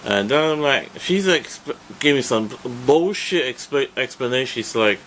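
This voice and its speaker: Gravelly rambling vlogger man. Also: mid-range voice, expressive, normal speed, few pauses, a bit bright, slight background noise. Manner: rambling, many fillers and restarts, swears when annoyed. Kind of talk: rambling casual vlog.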